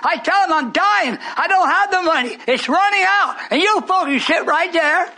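A man in his eighties preaching a sermon, scolding and rambling, breaking into shouts at his congregation. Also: very high voice, lively intonation, moderate pace. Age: 80s. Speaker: pastor.

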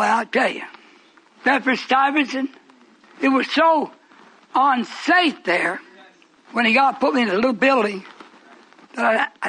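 A male preacher delivering a fiery sermon, swinging from low murmurs to high shouted preaching. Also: slightly rough, poor audio.

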